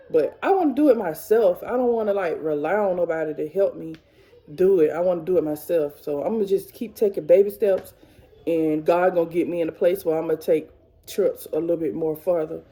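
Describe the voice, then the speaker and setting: A woman's voice: on the low side, dark tone. A woman in her thirties vlogging to camera in casual, emotional chat, rambling and repeating herself. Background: kids faintly in background.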